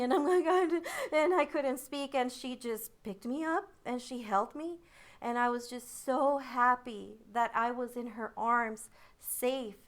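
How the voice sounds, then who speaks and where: A woman telling a childhood story in a vivid, dramatic way, making thunder sounds with her voice and dropping to a hushed tone in the tense parts. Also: fairly high pitch. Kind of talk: personal storytelling.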